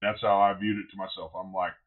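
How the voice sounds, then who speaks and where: A man who is a barbecue pitmaster, guesting on a podcast and telling stories in a blunt, animated way, swearing freely. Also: deep voice, fast talker, phone-quality sound. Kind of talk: casual podcast storytelling.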